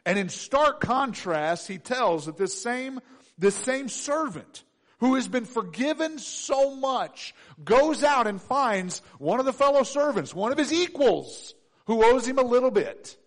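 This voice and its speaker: A male pastor preaching a sermon, emphatic, repeating key phrases and swinging between loud and hushed delivery. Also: very high-pitched, animated, measured pace.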